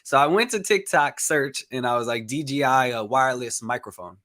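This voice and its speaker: A young man hosting a podcast with a bright, forceful voice. He talks in a relaxed, rambling way, full of "um" and "like", at a mid pitch. Casual interview chat. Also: fairly quick. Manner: relaxed, rambling, lots of fillers. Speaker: podcast host.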